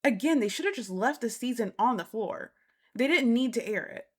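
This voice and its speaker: Blunt, emphatic woman with a higher voice. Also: animated, normal speed. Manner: emphatic, repeats points for stress; blunt and exasperated. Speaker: reality TV recap host. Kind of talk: casual opinionated commentary.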